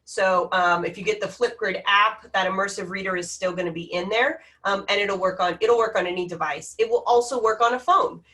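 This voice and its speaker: Bright-voiced woman presenting, slightly off-mic. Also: mid-range voice, fairly quick, few pauses, distant mic. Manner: hesitant, many ums. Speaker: education technology presenter. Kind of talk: webinar presentation.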